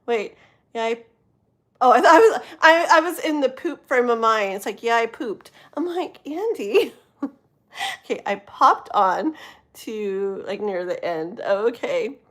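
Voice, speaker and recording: A woman in her thirties from the US West Coast, chatting casually on a live stream as a tarot reader, giggling often and easily sidetracked, sometimes dropping to a hushed voice. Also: high-pitched. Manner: drops to a hushed voice at times. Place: home with thin walls.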